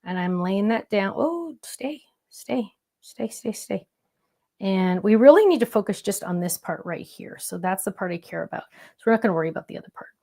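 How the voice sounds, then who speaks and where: A woman hosting a crafting show, chatting excitedly and talking herself through each step of a stamping demonstration. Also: mid-range voice, quick pace.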